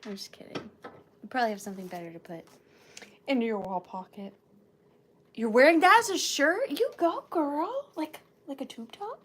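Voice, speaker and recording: A woman's voice: high-pitched, expressive, normal speed, fairly bright tone, slight background noise. A woman hosting a live sale stream, chatting casually and playfully with viewers.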